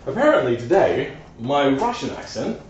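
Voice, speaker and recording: A man streams live as he works on a car, amusing himself with playful, self-mocking remarks in a garage or workshop. His mid-range, darkish voice swings widely in pitch at a normal speed, recorded through a distant mic that sounds echoey and dull with a faint hiss or hum.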